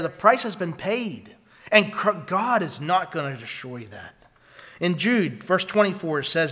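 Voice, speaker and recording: A man preaching a sermon in an earnest way, reading scripture aloud and moving between loud emphatic stretches and quiet ones. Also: sits high.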